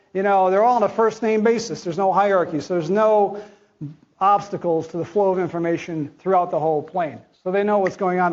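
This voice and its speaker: A man's voice: high voice, muffled recording. A man giving a conference talk as a chief medical officer, blunt and conversational with slangy asides.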